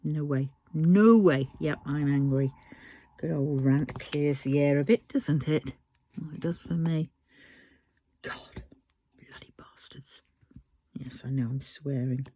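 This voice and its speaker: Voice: unhurried, dry recording. A vlogger with a British accent, talking casually while diamond painting and ranting heatedly with frequent swearing. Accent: British English. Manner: lively rising and falling pitch when worked up. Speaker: crafting vlogger.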